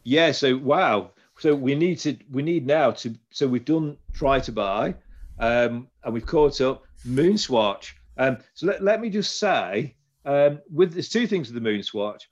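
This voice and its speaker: A man's voice: medium pitch, lively intonation, a little slow, muffled recording. A man, hosting a casual podcast chat and rambling through restarts. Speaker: podcast host.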